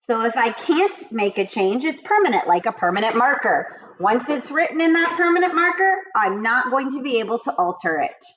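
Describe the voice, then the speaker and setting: A woman teacher reading vocabulary words, definitions and example sentences to children, and repeating the sentences slowly and with emphasis. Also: fairly high pitch, sing-song, fairly bright tone. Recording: dull lo-fi home recording.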